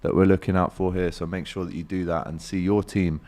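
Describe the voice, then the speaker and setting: A man hosts a casual live football stream in a lowish voice. He is laid-back and chatty, reads out viewer comments and drops in plenty of filler sounds. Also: little pitch movement, a little fast, a little mellow. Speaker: show host.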